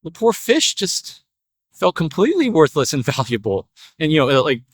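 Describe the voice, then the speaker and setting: A man's voice: on the high side, huge pitch swings, moderate pace, dry recording, clean studio sound. A man telling a spiritual parable in a casual, chatty way. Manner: casual, chatty narration with fillers. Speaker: storyteller.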